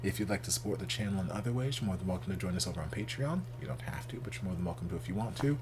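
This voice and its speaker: A man's voice: deep voice, rapid-fire, background noise. A man hosting a reaction video, commenting candidly and expressively and swearing casually.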